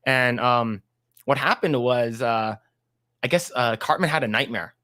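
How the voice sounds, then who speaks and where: A man's voice: medium pitch, unhurried, sharp tone, no room sound, studio quality. A man hosting a casual livestream chat, rambling and laughing often. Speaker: podcast host.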